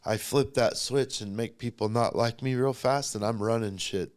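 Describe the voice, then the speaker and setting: A man's voice: medium pitch, normal speed, smooth. A middle-aged man, a podcast guest, telling his personal story in a blunt, profane and emotionally charged way.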